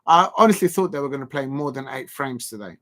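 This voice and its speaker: A man's voice: medium pitch, animated, quick pace, pushed and bright. A man hosting a casual live stream, rambling and joking, with the odd mock moan. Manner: rambling, jokey, prone to mock moaning.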